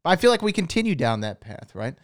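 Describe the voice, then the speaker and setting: A man's voice: a little high, big pitch swings, no room sound, studio quality. A man co-hosting a podcast in casual chat, setting up clips and asking questions. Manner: quick, sets up clips. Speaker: podcast co-host.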